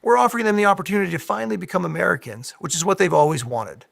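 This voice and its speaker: Dude doing smug rich-kid heir voice, sneery, gravelly. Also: male voice, sits high, racing, fairly bright tone, no echo, clean studio sound, exaggerated voice. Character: smug young male political heir.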